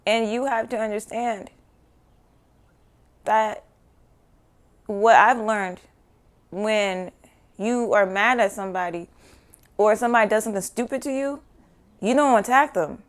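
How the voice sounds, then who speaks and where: A woman gives a casual spiritual teaching talk that is loose and conversational, full of swearing, asides, and "you know what I'm saying." She breaks into laughter and sing-song moments, speaking at a medium pitch and measured pace with frequent pauses.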